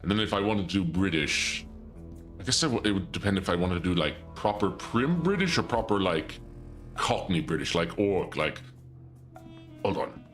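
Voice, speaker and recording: A man's voice: sits low, animated, normal speed, a bit bright, soft background music. A man streaming a video game, rambling and joking through casual commentary. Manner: jokey, rambling, self-interrupting. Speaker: gameplay streamer.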